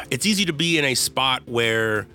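A man hosts a podcast and speaks candidly, almost confessionally, about his inner struggles. His voice is bright and forward at an ordinary middle pitch. He keeps it loose and conversational, full of "y'all", "yo" and "right?". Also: expressive, slow, faint music behind. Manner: earnest and self-deprecating, with loose slang and frequent "right?" and "y'all". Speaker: podcast host.

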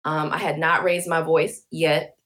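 A woman's voice: deep voice, level tone, unhurried, fairly bright tone. A woman speaking as a podcast guest, passionate and emphatic, building her points with rhetorical questions. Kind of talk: conversational interview.

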